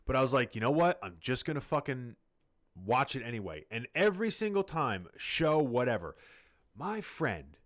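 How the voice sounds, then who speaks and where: A man's voice: mid-range voice, very animated, normal speed, a bit bright. A man co-hosting a podcast in casual chat, ranting heatedly and swearing a lot. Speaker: podcast co-host.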